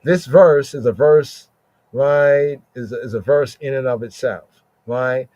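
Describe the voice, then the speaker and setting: A man hosting a livestream podcast, teaching a psalm verse by verse in a slow, searching way, often asking "right?" and repeating "here, here". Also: mid-range voice, darkish tone, dry recording. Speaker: podcast host and Bible teacher.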